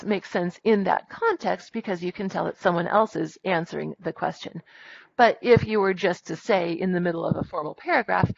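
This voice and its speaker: A woman teaching a grammar lesson in a classroom, brisk and firm with her students as she dictates punctuation aloud. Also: on the low side, vocal fry, slightly rough, no room sound, dull audio.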